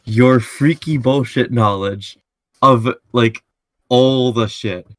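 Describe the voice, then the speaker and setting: A man running a tabletop game, chatting casually with the players, crude and quick to laugh. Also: mid-range voice, fairly bright tone, dry recording. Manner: laughing often, crude and joking. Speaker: game master. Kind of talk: casual chat between players.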